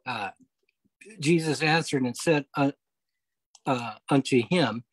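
A man leading a Bible study over a video call, explaining scripture step by step, often pausing on okay and uh. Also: mid-range voice, no room sound, low-quality recording. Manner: explanatory, repeats key points, frequent okay and uh. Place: home, online meeting.

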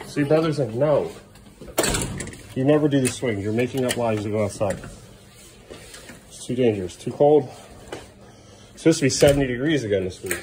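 A man's voice: medium pitch, dark tone, a little hiss or hum. A middle-aged man, a father filming a home vlog, exasperated and scolding as he keeps repeating commands to his kids. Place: family home, indoors and yard.

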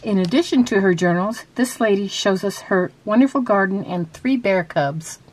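A woman's voice: medium pitch, moderate pace, darkish tone. Chatty woman crafter, lots of fillers. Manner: chatty, with frequent fillers and restarts; reads quiz questions aloud. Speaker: craft vlogger. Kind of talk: casual show-and-tell and quiz.

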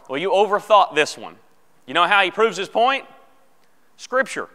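A man's voice: fairly high pitch, lively intonation, fairly quick, sharp tone. Man teaching a church Bible class. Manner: casual, joking, asks the class questions. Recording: long church hall reverb.

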